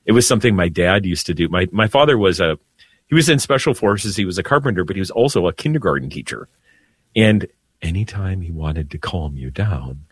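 A man, a priest co-hosting a Catholic radio talk show, speaking calmly and earnestly, often dropping his voice to soothe. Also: no echo. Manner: calm, lowers voice to soothe, earnest.

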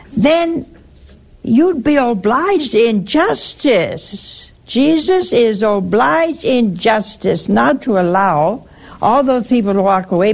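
An older woman hosting a call-in religious talk show, answering a caller slowly and emphatically and quoting scripture. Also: fairly high pitch, darkish tone. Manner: slow, emphatic, quotes scripture.

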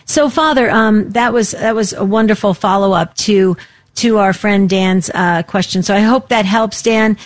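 A woman's voice: medium pitch, moderate pace, no echo. Chatty woman hosting a radio talk show. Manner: chatty, effusive, many fillers and restarts.

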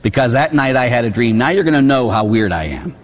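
A Catholic priest from Pittsburgh preaching a storytelling sermon, animated, acting out voices and shouting at the peaks. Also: male voice, medium pitch, quick pace. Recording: long hall reverb.

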